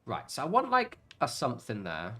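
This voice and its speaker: A man's voice: medium pitch, wildly swooping pitch, normal speed, bright, forceful tone. Chatty British man streaming a game. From Britain. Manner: rambling, chatty, laughs often, swears. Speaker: gaming livestreamer. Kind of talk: casual chat while playing.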